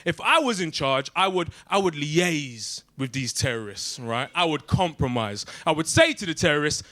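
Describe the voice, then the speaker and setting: A young man with a London accent doing a stand-up set in a comedy club, animated and streetwise, tagging lines with questions. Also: on the high side, normal speed, few pauses, dry recording, clean studio sound.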